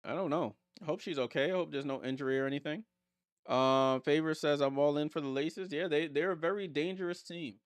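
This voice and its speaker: A man's voice: on the high side, a little fast, clean tone, no room sound. A man streaming a casual live watchalong, calling plays and answering viewer comments with blunt, teasing remarks. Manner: reads viewer comments aloud and answers them.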